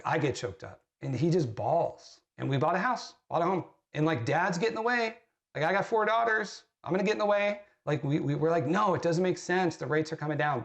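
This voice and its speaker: Earnest man coaching sales agents. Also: a little high. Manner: candid, earnest, restarts often. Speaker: real estate agent coaching other agents. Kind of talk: storytelling in a sales training call.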